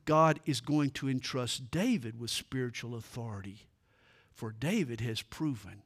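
A man's voice: mid-range voice, unhurried. A male preacher giving a sermon, retelling scripture in a dramatic, emphatic way.

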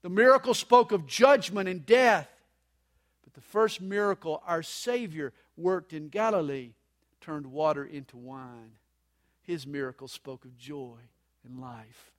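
A man preaching a sermon at a live church service, dramatic, moving between loud emphasis and soft, hushed lines. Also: a little high, unhurried. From United States. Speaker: pastor.

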